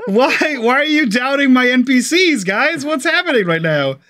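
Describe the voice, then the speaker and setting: A game master in a relaxed, joking tone. The voice moves up and down in a lively way. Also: sits high, normal speed, a crowd in the background. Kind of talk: running a tabletop game.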